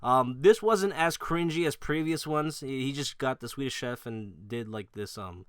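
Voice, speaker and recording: A gaming video creator gives his viewers a blunt, profane opinion rant to camera, loosely rambling with restarts and fillers and laughing between points. His mid-range voice has a clean tone at a moderate pace, recorded in studio quality with no echo.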